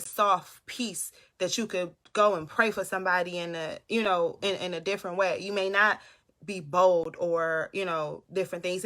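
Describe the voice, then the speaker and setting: A woman's voice: lowish voice, fairly bright tone. A young woman hosting a casual live stream from her room, chatting and reading viewers' comments aloud. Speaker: motivational livestream host. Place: home room.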